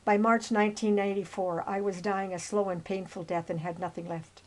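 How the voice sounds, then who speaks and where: An older woman in her seventies narrates her life story in an earnest, rambling way. She wanders into asides and restarts her sentences. Her voice sits at an ordinary pitch for a woman. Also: little pitch movement, a little fast, a little hiss or hum, poor audio. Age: 70s. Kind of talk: personal storytelling over old photos.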